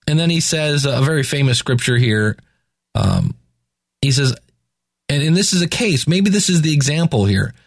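Man, slightly higher voice, dry close sound; casual scripture reader mixing verses with chatty asides. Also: animated, normal speed, vocal fry, no room sound. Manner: reads scripture aloud then paraphrases in slangy asides. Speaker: Bible reading commentator. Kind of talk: casual Bible reading and commentary.

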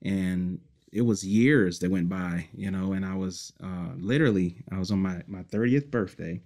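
Reflective and a little mellow, a musician from Detroit, United States, shares his story in a relaxed interview. His voice is low and his pace moderate. He rambles, leans heavily on fillers and laughs between tales.

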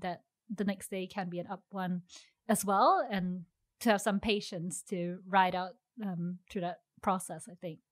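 A woman startup founder answering interview questions thoughtfully, pausing with fillers and restarting sentences. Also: mid-range voice.

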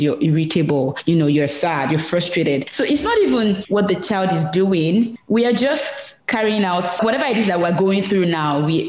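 A woman's voice: lowish voice, echoey room, poor audio. A woman hosting a podcast, reacting to her guest with affirming, playful remarks and leading into the next question. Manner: warm affirming, playful slang. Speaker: podcast host. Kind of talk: casual interview chat.

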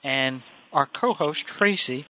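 A man hosting a podcast with a New York accent. His voice is notably high and bright, with a joking, brisk delivery. He moves the interview along between questions and banter. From New York City. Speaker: podcast host.

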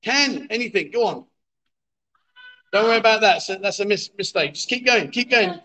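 A man's voice: high voice, lively intonation, normal speed, sharp tone, low-quality recording. A middle-aged man, hosting a live stream from a bar and cheering on pool players, coaxing and joking with viewers. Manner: jokey, coaxing, chatty with viewers. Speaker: livestream host.

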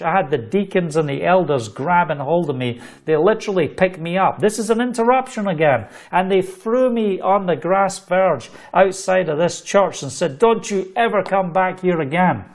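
A middle-aged man delivers a livestreamed sermon with fervent conviction. His voice sits a little high, and he tells stories while repeating phrases for emphasis. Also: normal speed, hardly any pauses. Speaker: preacher.

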